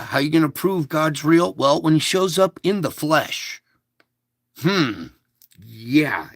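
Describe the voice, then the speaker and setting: A man with a slightly high, gravelly voice reads a devotional at an unhurried pace. He breaks off into casual, chatty asides and leans hard on single words. The sound is dry and close. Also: no room sound. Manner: emphatic, stresses single words. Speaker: online devotional host. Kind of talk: reading a devotional aloud with asides.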